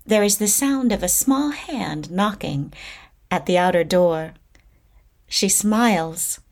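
A woman reading stage directions in a plain, measured narration. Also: mid-range voice, lively intonation, vocal fry, a little mellow.

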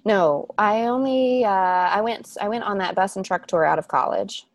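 A woman's voice: medium pitch, animated, moderate pace, no room sound. A young woman who performs on stage, talking casually in an interview, chatty and self-deprecating with many restarts.

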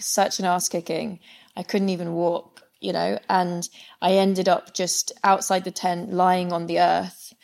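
A woman's voice: mid-range voice, gravelly, darkish tone. A woman co-hosting a podcast, musing in casual chat with many fillers.

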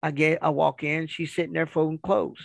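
A middle-aged man, a retired performer, telling stories in a casual, animated way and acting out other people's voices. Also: on the high side, fairly quick, gravelly, no echo.

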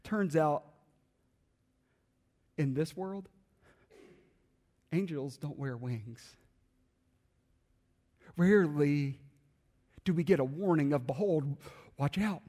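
High-voiced preacher in a ringing hall. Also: male voice. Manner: dramatic pauses, quiet emphatic drops. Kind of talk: sermon storytelling.

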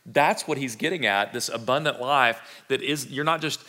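Brief: male pastor, bright forceful voice, chatty animated sermon delivery, big reverberant church hall. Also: mid-range voice, moderate pace. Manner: conversational, animated, with restarts and acted asides.

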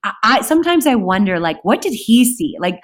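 A woman guest telling a story in a casual, animated way, with sudden shouted bursts. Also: mid-range voice, a little fast. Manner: animated, breaks into loud shouted outbursts. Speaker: podcast guest.

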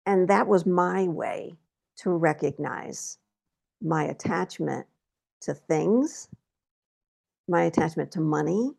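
Gravelly low-voiced woman telling her story. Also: takes it slowly, long pauses. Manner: candid storytelling, animated when quoting herself. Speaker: guest. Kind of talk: casual conversation.

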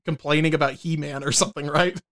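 A man co-hosting a comedy podcast, trading deadpan quips with hesitant fillers. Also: on the high side, fast. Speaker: podcast co-host. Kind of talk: casual comedy chat.

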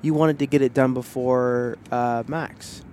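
A man's voice: mid-range voice, fairly even intonation, measured pace, a little mellow, slight background noise. Playful joking man hosting a podcast. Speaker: podcast host. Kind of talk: casual chat.

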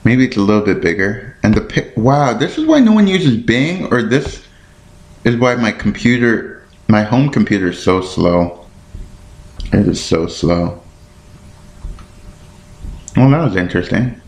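Very animated yet a little slow, this man's lowish, slightly mellow voice leaves long pauses in a roomy-sounding space. Hosting a podcast alone in a casual way, he rambles and thinks out loud as he searches things, stumbling over words and self-deprecatingly apologizing.

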